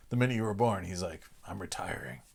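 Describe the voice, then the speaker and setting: Low-voiced man hosting a casual livestream. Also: unhurried. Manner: relaxed, chuckling, lots of "uh" fillers. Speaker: livestream host. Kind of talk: casual chat with live chat viewers.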